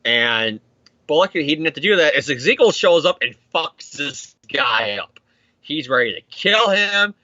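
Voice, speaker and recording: A man hosts a comic recap podcast in a loose, profane, joking way, breaking into silly voices for the characters. His voice is bright and edgy, sitting a bit high, heard dry and close. The sound is slightly dull and muffled. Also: very animated, normal speed, dry recording. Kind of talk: casual comic recap with acted quotes.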